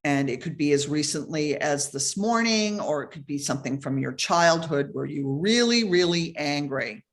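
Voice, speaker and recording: A woman leading a guided meditation over a video call, giving soft, slow instructions with pauses. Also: deep voice, expressive.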